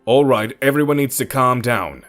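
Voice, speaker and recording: A man voicing a charming young celebrity who speaks firmly but calmly in an audio story. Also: mid-range voice, moderate pace, faint music behind, natural voice. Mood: calming. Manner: firm, calm.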